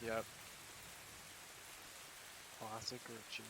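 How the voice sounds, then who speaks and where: A man's voice: lowish voice, completely flat delivery, drawn-out words, creaky, background noise. A young man playing a tabletop game and talking casually in a matter-of-fact way. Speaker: player.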